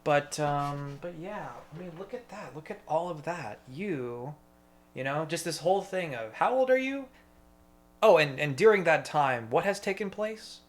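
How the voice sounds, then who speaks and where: Slow, rambling man talking to himself. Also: a little high, expressive. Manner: profane, meandering, talks to himself. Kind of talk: rambling solo monologue.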